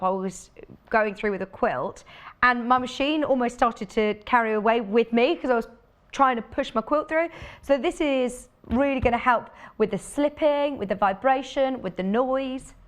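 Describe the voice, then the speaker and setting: Lady on a shopping channel, bit high voice, chatty and keen. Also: a bit bright. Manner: chatty and enthusiastic, asides to off-camera crew. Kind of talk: live home shopping sales talk. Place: TV studio.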